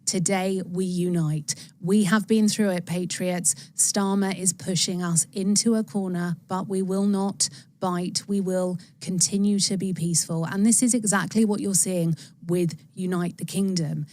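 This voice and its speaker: A woman hosts a live stream, talking to her viewers with effusive, rallying enthusiasm. Her voice sits a little low for a woman. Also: fairly even intonation, a little slow, dark tone, no echo. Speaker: livestream host.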